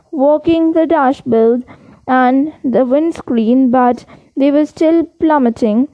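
A woman reads a novel aloud in a high voice, taking her time over each sentence. She sometimes stops to correct a stumbled word. The recording is dull and lo-fi, dry with no room sound. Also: dry recording. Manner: unhurried storybook reading with small self-corrections. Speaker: audiobook reader.

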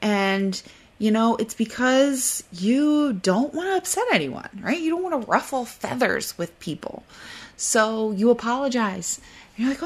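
A woman hosting her own podcast in casual solo talk, a fast, excitable talker who tries to slow herself down. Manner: mimics flustered apologies in a high voice. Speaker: podcast host.

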